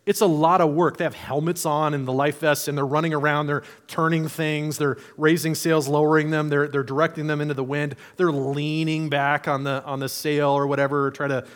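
A male pastor delivers a sermon in an easygoing, conversational manner. His voice sits a little higher than most men's. He slips into playful imagined voices to make his points. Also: little pitch movement, a little fast, hardly any pauses.

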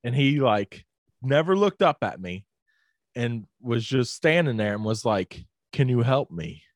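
A man at a middle pitch tells a story in loose, casual chat. He leans on "like" and "dude" and swears freely. The recording is dry, with almost no room sound. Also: animated, a little slow, no echo. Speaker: podcast co-host telling a story.

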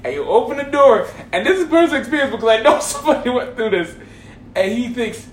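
A man from Hawaii telling a comic story casually, animated and laughing through his words, in a roomy echoing room. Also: extremely high pitch, quick pace, slight background noise.

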